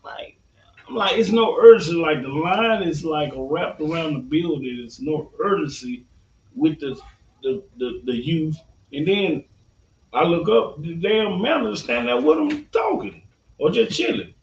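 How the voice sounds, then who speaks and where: A man's voice: on the high side, animated, measured pace. A man co-hosting a casual opinion podcast, telling stories. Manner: laid-back, storytelling. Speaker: podcast co-host. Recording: roomy, distant, dull sound with faint hum.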